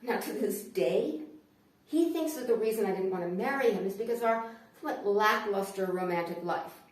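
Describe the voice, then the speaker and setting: A woman performing a sarcastic stand-up comedy monologue, swinging from hushed asides to loud outbursts. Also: medium pitch, brisk, heavy reverb, far from the mic.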